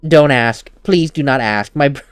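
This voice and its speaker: A man's voice: medium pitch, moderate pace, clean tone, no room sound. A man giving casual gameplay commentary as a let's play host, chatty and laughing at himself, at a desk mic at home.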